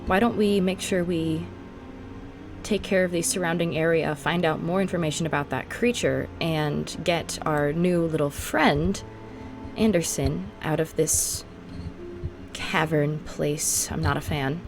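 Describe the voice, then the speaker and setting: A woman playing in a tabletop game, speaking in a deliberate, dry way about what her character does. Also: low voice, music in the background. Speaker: player. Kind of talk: casual tabletop play.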